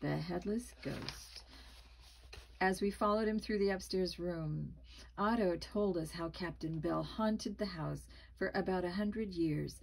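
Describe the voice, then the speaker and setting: A woman reading a spooky children's book aloud, expressive and dramatic, with small slips. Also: fairly low pitch, measured pace, gravelly, rough recording. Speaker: storybook reader.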